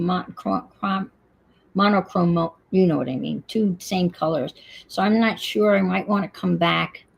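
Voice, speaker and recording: Slow-talking woman with a New York accent, gravelly. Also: on the low side, poor audio. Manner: chatty, unhurried, thinks aloud. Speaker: crafting livestream host. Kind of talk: casual chat while crafting.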